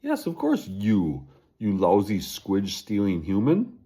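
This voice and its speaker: Old male Sasquatch, voiced by a man: strong, suspicious, blustery; husky, lively delivery. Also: on the low side, a little slow, heavily acted. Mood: angry. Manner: blustering, accusing.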